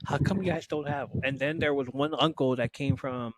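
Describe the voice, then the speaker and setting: Man host, mid-pitched voice, lively storyteller who acts out the people in his stories. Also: moderate pace, dry recording, rough recording. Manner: animated storyteller, voices relatives, laughs. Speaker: podcast host. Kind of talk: casual chat.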